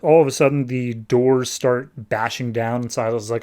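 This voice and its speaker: A man's voice: mid-range voice, steady tone, normal speed, a little mellow, clean tone. A man hosting a podcast, recapping a comic issue in a casual, chatty, wry way. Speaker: podcast host.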